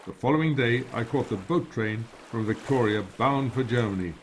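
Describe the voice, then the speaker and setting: A man's voice: mid-range voice, slight background noise. Man reading a memoir aloud. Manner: steady, measured first-person reading. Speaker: narrator. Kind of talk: audiobook memoir narration.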